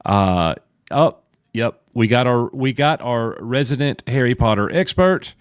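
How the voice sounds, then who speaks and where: A man hosting a casual livestream chat, lively and quick to jump in with enthusiasm. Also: medium pitch, clear, resonant tone, no echo, studio quality. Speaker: podcast host.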